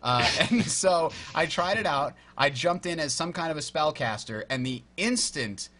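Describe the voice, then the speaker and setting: A man hosting a casual gaming podcast, animated and acting out his own reactions. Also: a little high, normal speed. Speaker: podcast host.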